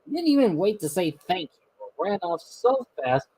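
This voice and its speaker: A man reading a children's storybook aloud, expressive and lively with small slips. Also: high voice, moderate pace, husky, low-quality recording. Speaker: storybook narrator.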